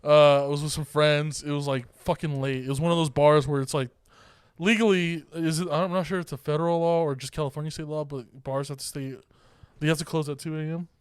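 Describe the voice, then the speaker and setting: Animated profane young man telling stories. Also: a little high, brisk, clear, resonant tone, dry recording. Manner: profane, laughing, animated storyteller. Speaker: podcast co-host. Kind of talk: casual storytelling chat.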